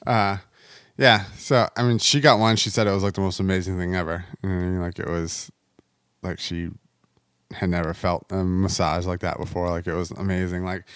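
A man's voice: sits low, level tone, a little fast, a bit bright, clean tone, no echo. A man from the United States chatting casually, rambling and leaning on fillers like "you know what I mean". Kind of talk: casual podcast chat.

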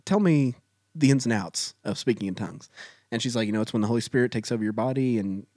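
A man in a casual chat, telling a self-mocking story with animated energy. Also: medium pitch, fast talker, dry recording, clean studio sound. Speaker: guest storyteller.

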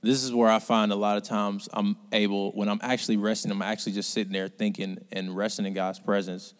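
Low-voiced preacher in a reverberant hall. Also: male voice, flat delivery, brisk, smooth. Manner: conversational, swings from quiet asides to loud urgent preaching. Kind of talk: sermon.

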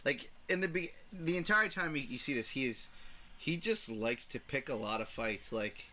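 A man's voice: medium pitch, animated, moderate pace, sharp tone. A man co-hosting a casual podcast chat, loose and joking, swearing freely. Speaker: podcast co-host.

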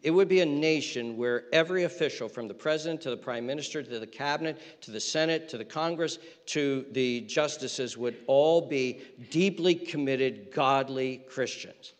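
A man preaching a sermon as pastor, impassioned, repeating phrases and swinging between loud peaks and hushed lines. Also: medium pitch, moderate pace, hardly any pauses, long reverb tail.

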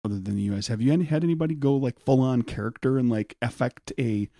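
A man's voice: medium pitch, quick pace, warm tone, dry recording, clean studio sound. A man hosting a podcast, joking around and asking rambling questions. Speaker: podcast host. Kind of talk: casual podcast chat.

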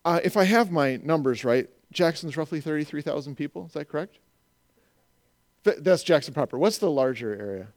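A man in his forties preaching a sermon, animated and joking with the congregation, acting out little voices. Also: a little high, fairly quick. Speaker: pastor.

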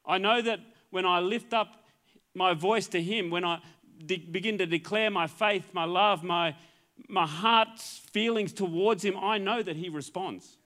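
High-voiced Australian pastor preaching. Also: male voice, measured pace, sharp tone. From Queensland, Australia. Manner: earnest, repeats words and restarts phrases. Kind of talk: sermon.

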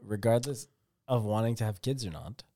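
A man co-hosting a casual podcast chat, excitable and quick to interrupt. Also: lowish voice.

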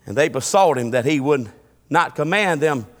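A man preaching a sermon in a folksy way, swinging between shouting and low muttering. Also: lively intonation, moderate pace, big-room sound.

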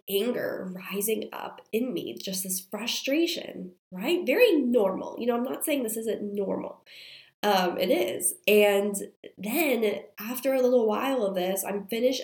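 A young woman who is sick and has a strained voice, chatting casually to viewers as a mom and telling a story with many fillers. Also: on the high side. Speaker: mom vlogger. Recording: roomy echo.

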